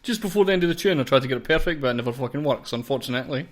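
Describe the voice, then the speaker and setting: A man's voice: medium pitch, animated, racing. A young Scottish man hosting a podcast in casual, sweary chat, laughing often with his co-host. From Scotland.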